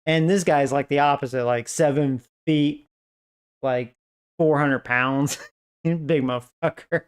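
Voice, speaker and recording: A man telling a story on a game stream, slow and unhurried. His voice is smooth and clear. He rambles and swears freely, filling his talk with "like" and breaking into laughter. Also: fairly high pitch, fairly even intonation. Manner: profane, rambling, full of "like" fillers. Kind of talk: casual storytelling chat.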